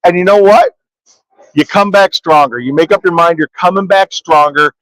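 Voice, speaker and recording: High-voiced joking man, dry sound. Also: normal speed, a bit bright, no echo, low-quality recording. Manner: jokey, playful, delivers motivational quotes. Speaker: podcast co-host. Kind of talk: casual banter. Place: trade show floor.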